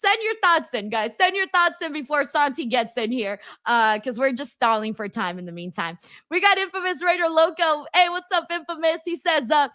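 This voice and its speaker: A woman's voice: high voice, lively intonation, normal speed, pushed and bright, no room sound, studio quality. A woman hosting a live stream watchalong, reading viewer comments aloud with frequent laughter and playful jokes. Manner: giggly, joking, reading chat comments aloud. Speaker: host.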